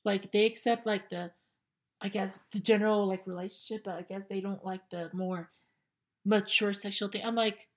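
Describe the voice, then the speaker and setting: A young woman in her twenties hosts her own show and rants casually. She is blunt and sassy, and she swears freely. Her voice sits at an everyday middle pitch. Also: fairly even intonation, normal speed. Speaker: podcast host reacting to clips. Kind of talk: casual ranting commentary.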